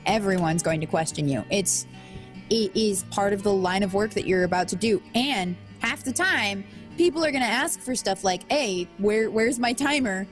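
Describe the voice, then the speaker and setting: A woman co-hosting a casual podcast, telling work stories with lively acted-out quotes. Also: mid-range voice, moderate pace, faint music behind. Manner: animated storytelling with acted-out quotes. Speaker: podcast co-host, game programmer.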